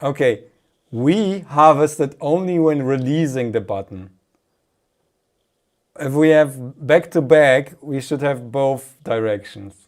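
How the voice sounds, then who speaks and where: A man talks his way slowly through a live electronics build, never rushing his words. His voice sits at an ordinary middle pitch. He thinks aloud as he tinkers and laughs easily at his own mishaps. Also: a little mellow. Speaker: maker live streamer.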